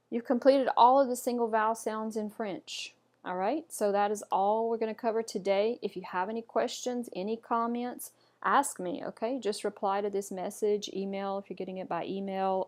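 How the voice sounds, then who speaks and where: This woman's voice is mid-range and darkish in tone. Teaching pronunciation slowly and patiently online, she says each word over and over for the learner and keeps encouraging them.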